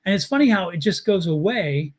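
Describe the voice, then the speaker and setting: A man with a Baltimore accent and a fairly high voice, chatting casually on a live tarot stream. He tells stories in an animated, rambling way, his pitch riding up and down. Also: a little fast. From Baltimore, United States. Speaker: tarot reader and co-host.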